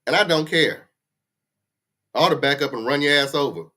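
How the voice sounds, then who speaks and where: Bright and forceful, this man's voice is fairly high and a little fast as he hosts a casual livestream chat in his 50s. He rants bluntly and uses profanity, recorded on a computer mic for the stream.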